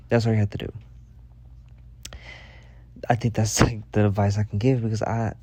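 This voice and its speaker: A man's voice: lowish voice, fairly even intonation, moderate pace, long pauses, dark tone, no echo. A young man telling stories and giving advice in a sassy, profane, exasperated rant. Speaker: advice and story vlogger. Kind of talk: casual storytelling rant.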